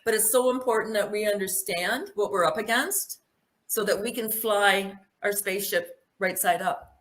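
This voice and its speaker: A woman's voice: mid-range voice, normal speed, a bit bright. A woman giving a spoken presentation, emphatic and full of rhetorical questions.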